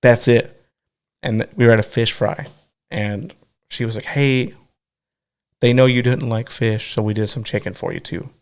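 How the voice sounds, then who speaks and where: A man co-hosting a podcast, telling a story in a crude, animated way, acting out other people's voices and laughing often. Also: medium pitch, moderate pace, pauses often, clear, resonant tone. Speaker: podcast co-host. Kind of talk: casual chat, storytelling.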